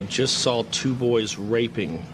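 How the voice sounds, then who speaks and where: A man's voice: mid-range voice, slow pace, fairly bright tone, slight background noise. An actor playing a flippant man making a joke in a comedy show clip.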